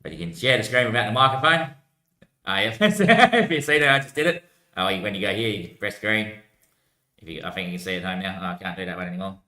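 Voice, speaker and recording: Sharp-voiced rambling man in an echoey room. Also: fairly low pitch, lively intonation, quick pace. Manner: rambling, slangy, swears often, calls everyone mate. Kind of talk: casual rambling livestream chat.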